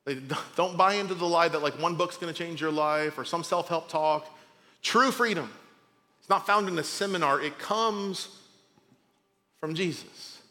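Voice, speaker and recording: A man preaching a sermon as pastor, talking informally and swinging between loud emphasis and quiet drops. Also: on the high side, moderate pace, big-room sound. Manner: conversational, informal asides.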